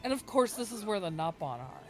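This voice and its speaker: Excitable woman commenting on gameplay. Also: mid-range voice, a little fast. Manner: excitable and chatty, often laughing. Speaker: let's play host. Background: game music.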